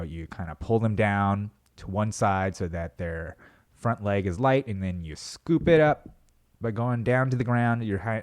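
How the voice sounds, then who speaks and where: A young adult man hosting his own podcast, talking in a rambling, self-mocking way and swearing casually. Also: on the low side. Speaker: podcast host. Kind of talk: casual solo podcast monologue.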